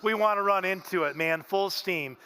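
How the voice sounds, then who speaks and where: A man's voice: high-pitched, normal speed, pushed and bright, clear, resonant tone. A man preaching a sermon in a church, telling stories in a folksy way and often saying "man". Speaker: pastor. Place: church sanctuary.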